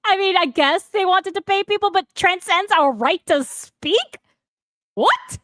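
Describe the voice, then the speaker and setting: A woman's voice: very high-pitched, unhurried, a bit bright, no room sound, clean studio sound. A woman co-hosting a commentary show who reacts with giggles and disbelief. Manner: giggly, incredulous. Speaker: co-host.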